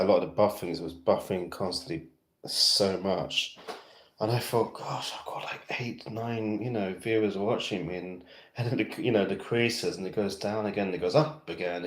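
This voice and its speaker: At a moderate pace and in a low voice, a man from West London talks casually with fans on his livestream in a British accent. The talk is rambling, filler-heavy and self-amused. The recording has an echoey room sound.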